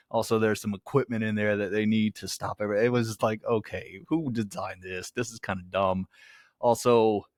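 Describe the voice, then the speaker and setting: A man's voice: lowish voice, no room sound, clean studio sound. A man giving a casual, rambling movie review, swearing offhandedly as he goes.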